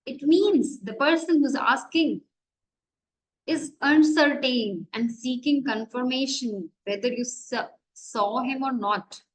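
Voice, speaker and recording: A woman's voice: sits high, takes it slowly, poor audio. A woman college lecturer with an Indian English accent, teaching grammar and asking and answering her own questions.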